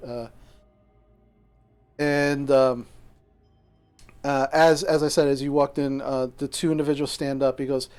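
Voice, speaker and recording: A man's voice: mid-range voice, fairly even intonation, unhurried, pauses often, darkish tone, clear, resonant tone, faint music behind. Hesitant male game master, lots of fillers. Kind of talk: narrating a tabletop game.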